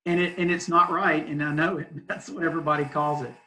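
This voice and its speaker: A youth pastor from Southeast Arkansas with a Southern accent, talking easygoingly on a video call, laughing often and leaning on fillers. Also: male voice, on the high side, flat delivery, fast talker, sharp tone, poor audio. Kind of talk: casual video call chat.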